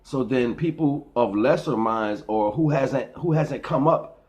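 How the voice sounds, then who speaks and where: A middle-aged man holds forth in a casual, preachy monologue, circling back and restarting his sentences. His voice sits at an ordinary pitch, and his delivery rambles. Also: unhurried, a little mellow. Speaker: vlogger.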